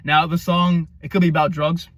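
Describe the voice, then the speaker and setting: A man giving a casual album review, rambling and excitable, with lots of fillers and the odd swear. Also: on the high side, moderate pace, dry recording. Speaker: music reviewer.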